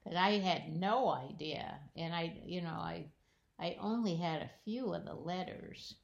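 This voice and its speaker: A woman speaks quietly in a low, gravelly voice, chatting about a crossword. She often just murmurs agreement. The sound is dull and lo-fi. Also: measured pace. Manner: quiet, soft-spoken, frequent murmured uh-huhs. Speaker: crossword podcast co-host. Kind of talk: casual chat.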